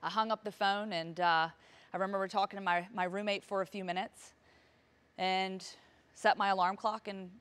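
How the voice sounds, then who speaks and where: A woman's voice: mid-range voice, fairly even intonation, moderate pace, a bit bright, clear, resonant tone. A woman in her thirties, a motivational speaker, telling a personal story on stage with vivid, emotional delivery and acted-out dialogue. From Virginia, US.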